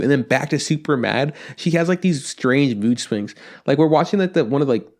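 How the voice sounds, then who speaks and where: A man's voice: mid-range voice, lively intonation, moderate pace, few pauses, a little mellow. Rambling man co-hosting a casual podcast. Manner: rambling, filler-heavy, acts out quotes. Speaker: podcast co-host. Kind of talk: casual anime review chat.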